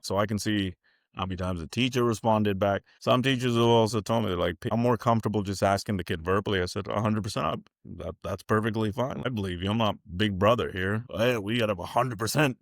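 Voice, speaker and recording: A plain-spoken man who leads a school district talks through an interview in a relaxed, folksy way. His voice sits fairly low, and he often slips into quoted back-and-forth exchanges. The sound is dry and close. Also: fast, dry recording. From California. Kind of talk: casual interview talk.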